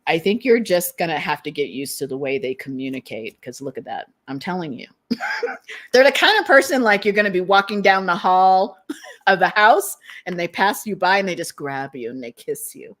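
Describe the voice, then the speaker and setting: A woman's voice: on the low side, sing-song, moderate pace, a bit bright. A woman giving a casual collective tarot reading, rambling, often laughing and trailing off while she searches for words. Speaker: tarot reader. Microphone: streaming setup.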